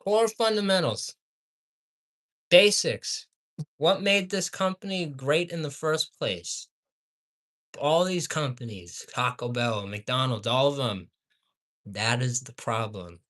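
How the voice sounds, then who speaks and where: Angry guy cussing nonstop about fast food, bright edgy voice, slow drawn-out delivery. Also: lively intonation. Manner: angry, swearing constantly, swings from shouting to low mutters. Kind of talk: profane ranting commentary.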